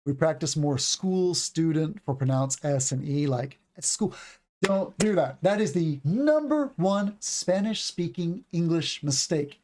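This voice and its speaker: A man's voice: a little high, lively intonation, unhurried, few pauses, darkish tone. Chatty American man teaching English. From United States. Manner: chatty and digressive, repeating words to demonstrate pronunciation. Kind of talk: livestreamed lesson answering chat questions.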